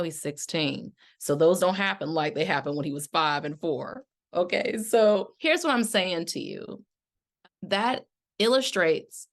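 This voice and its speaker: A woman's voice: on the low side, fairly bright tone. A middle-aged woman, a life coach hosting her podcast, telling a story and coaching her listeners in a casual, conversational way. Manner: conversational, addresses listeners directly as y'all. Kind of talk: casual chat.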